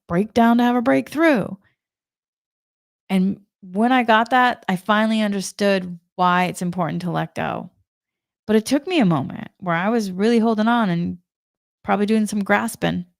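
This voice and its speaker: A woman's voice: medium pitch, fairly quick, vocal fry, dry recording, clean studio sound. A woman giving a spiritual energy talk in a chatty way, telling a personal story and laughing often. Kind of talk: casual spoken monologue.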